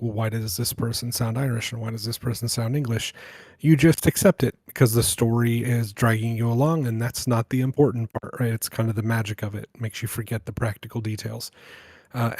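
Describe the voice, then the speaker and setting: A man's voice: medium pitch, darkish tone, no room sound. A man with a mid-range voice rambles thoughtfully about film craft on a podcast panel, dropping jokey asides along the way. His voice is dry and close, with no room sound. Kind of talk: casual film discussion.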